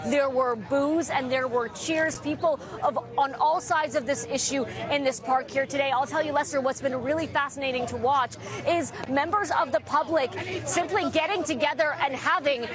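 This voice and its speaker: A woman with a high voice reports live from a park outside a courthouse. She talks quickly and energetically over clear crowd noise and passing traffic on the outdoor feed. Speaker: field reporter.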